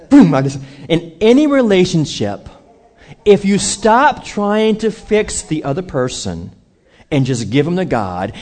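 Man, preacher, sermon storytelling, slightly high voice, very lively pitch. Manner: animated storyteller acting out quoted voices.

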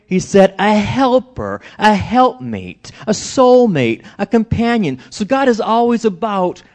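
A man's voice: high voice, unhurried. A middle-aged man, a pastor, preaching a sermon and telling stories with acted-out quotes. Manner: animated storytelling with acted-out quotes.

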